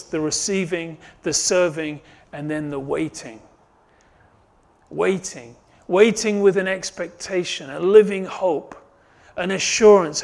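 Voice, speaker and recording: Man preaching a sermon in a highish voice. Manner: rises and swells when stressing a point, then drops low and soft; repeats and restarts phrases while preaching. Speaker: pastor.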